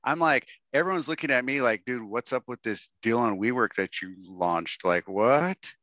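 A man's voice: medium pitch, moderate pace, pushed and bright, no room sound, lo-fi sound. A middle-aged man from Texas, telling a story to a workshop audience and acting out the quotes in raised voices. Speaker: guest speaker.

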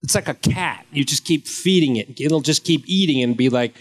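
A man's voice: on the high side, normal speed, hardly any pauses. A man in his fifties, an actor at a convention panel, answering fan questions with rambling, joking anecdotes.

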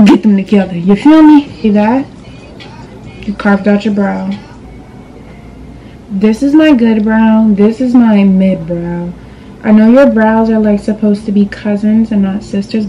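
Young female beauty vlogger, sassy and direct, warm mellow tone, faint room hiss. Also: medium pitch, normal speed, dull audio. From New York. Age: young adult. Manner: sassy, direct, calls viewers girl and boo. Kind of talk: casual makeup tutorial chat. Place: indoors at a vanity.

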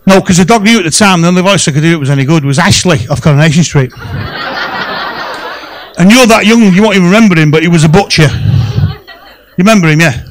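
A man doing stand-up comedy, telling a story in a punchy, animated way. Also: sits high, quick pace, long pauses, low-quality recording. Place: comedy club stage.

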